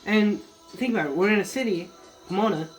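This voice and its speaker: Woman co-host with a halting, searching casual delivery and faint music behind her. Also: mid-range voice, low-quality recording. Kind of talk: casual banter.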